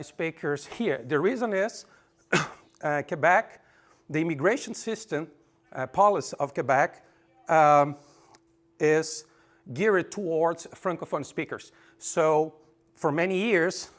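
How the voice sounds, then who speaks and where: A man giving a conference talk, reading figures off slides with frequent fillers and pauses. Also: fairly high pitch, fairly bright tone. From Brazil. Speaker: conference presenter. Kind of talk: lecture with slides. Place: conference room.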